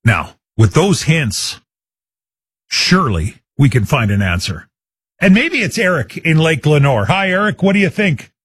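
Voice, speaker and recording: A man's voice: fairly high pitch, big pitch swings, a little slow, fairly bright tone, husky, no room sound. A man hosting a live call-in radio quiz show, chatty and upbeat, taking listener guesses. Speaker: radio talk show host.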